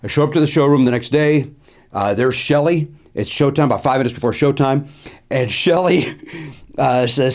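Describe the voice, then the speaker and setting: A comedian host telling a casual anecdote with animated delivery, repeating phrases and dropping in lots of "uh" fillers. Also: male voice, mid-range voice, moderate pace.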